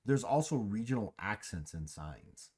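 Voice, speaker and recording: A man's voice: lowish voice, sing-song, measured pace, darkish tone, husky. A man hosting a casual chat, musing aloud with a rambling, restarting way of talking. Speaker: host.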